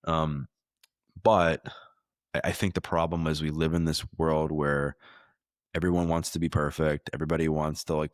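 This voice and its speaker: A man hosts a podcast in a loose, rambling way, circling back with restarts and fillers. His voice is extremely low. The sound is dry and close. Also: dry recording. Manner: rambling, many likes and restarts. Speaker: podcast host. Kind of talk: casual interview chat.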